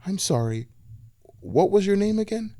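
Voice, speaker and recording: A young man voicing a forgetful, sweet elderly woman who keeps asking puzzled questions in a high, quavering voice. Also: big pitch swings, moderate pace, warm tone, dry recording, studio quality. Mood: confused.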